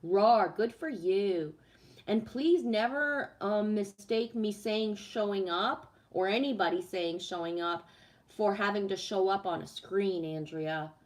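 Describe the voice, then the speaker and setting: A woman's voice: mid-range voice, measured pace. A woman chatting casually on a live stream, reading the chat, swearing freely and laughing at herself.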